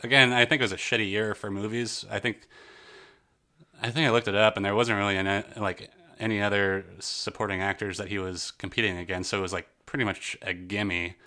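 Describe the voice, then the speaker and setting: Casting: male podcast co-host, low-ish bright voice, rambling banter. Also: fairly quick. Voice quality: jokey, rambling, animated. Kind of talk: casual chat.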